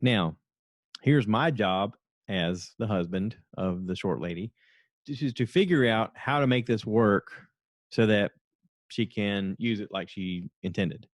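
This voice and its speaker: A man's voice: on the low side, expressive, a little slow, dry recording. A middle-aged man hosting a solo podcast, rambling chattily and laughing as he retells stories. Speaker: podcast host. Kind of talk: casual solo podcast recap.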